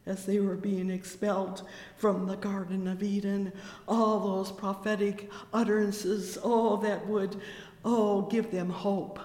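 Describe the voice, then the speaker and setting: Slow fervent preacher, lots of oh and praise the lord, long hall reverb. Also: mid-range voice, flat delivery, a little mellow. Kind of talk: sermon.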